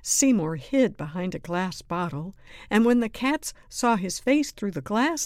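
Slow expressive woman reading a storybook. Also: medium pitch, dry recording, clean studio sound. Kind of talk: reading a picture book aloud.

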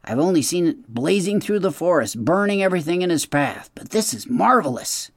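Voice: medium pitch, animated, brisk, dry recording, studio quality, pitched above the performer's own voice. A reader doing a fussy, chatty beaver. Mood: amazed. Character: busy, fussy old male beaver builder. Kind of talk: audiobook character voice.

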